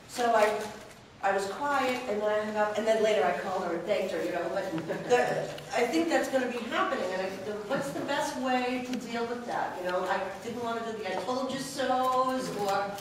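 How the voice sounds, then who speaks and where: A woman with a slightly high voice asks the speaker a question from the audience. She hesitates and often restarts her sentences. Her voice comes from far off, into a very echoey hall with clear background noise. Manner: hesitant, halting, with many restarts. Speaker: audience member asking a question. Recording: echoey hall, distant mic, some noise.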